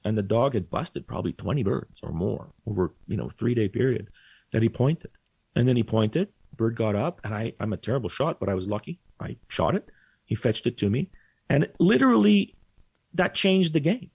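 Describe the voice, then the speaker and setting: A man on a podcast telling a story casually, with animated delivery and acted-out quotes. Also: mid-range voice, creaky, slightly rough, no echo. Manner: animated, acts out quoted voices. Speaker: podcast guest.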